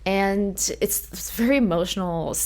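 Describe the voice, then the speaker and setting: A woman's voice: mid-range voice, moderate pace. A woman co-hosting a podcast, casually recapping a TV episode and animatedly acting out the characters' lines. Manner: animated retelling of scenes, acting out quotes. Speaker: podcast co-host.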